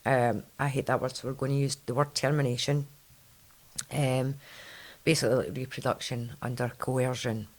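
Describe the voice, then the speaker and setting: A woman's voice: rumbling low, fairly even intonation. A woman with a Scottish accent hosting a podcast in a chatty, rambling way. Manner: chatty, quick, rambling storyteller. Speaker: podcast host. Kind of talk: casual chat.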